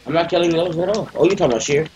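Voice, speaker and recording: A man's voice: on the high side, very fast, a little mellow, a little hiss or hum. A young man in casual gaming voice chat, bickering and swearing offhandedly. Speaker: gamer on voice chat.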